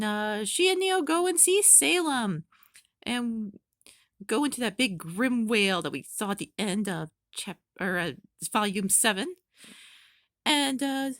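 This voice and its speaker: Excitable, rambling woman fan reviewer. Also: sits high, dry recording, studio quality. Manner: excitable, rambling with many fillers. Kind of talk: casual recap.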